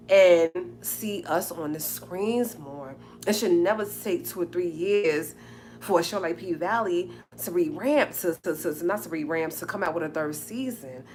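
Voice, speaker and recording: A woman's voice: lowish voice, darkish tone, a little hiss or hum. Emphatic woman ranting on a live stream. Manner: emphatic and repetitive, addressing viewers directly. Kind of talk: casual live stream talk to viewers.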